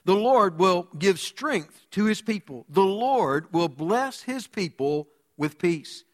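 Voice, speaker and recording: A man preaching a sermon as pastor, telling stories with big swings from loud to hushed. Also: high-pitched, animated, takes it slowly, in a large hall. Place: church sanctuary.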